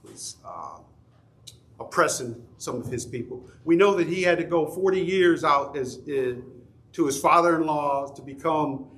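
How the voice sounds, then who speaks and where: A man's voice: a little high, lively intonation, a little slow, a bit bright. A middle-aged man teaching an adult Sunday school class in a church, talking conversationally and asking the class questions. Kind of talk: Bible study teaching.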